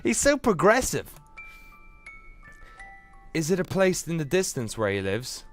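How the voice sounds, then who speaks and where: A man's voice: a little high, huge pitch swings, unhurried, faint music behind. A man reading a game aloud and joking, often laughing, as casual gameplay commentary. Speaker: let's player.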